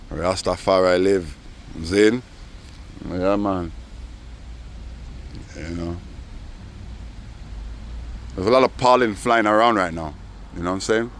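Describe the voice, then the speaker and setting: A man's voice: low voice, steady tone, moderate pace, pauses often. A man, rambling through a casual vlog monologue outdoors and tossing in "you know" every few phrases. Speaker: vlogger. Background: faint traffic noise.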